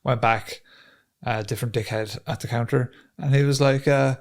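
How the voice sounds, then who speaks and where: A man's voice: mid-range voice, flat delivery, brisk. An Irish man co-hosting a podcast, telling a profane, ranting story in casual chat. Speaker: podcast co-host.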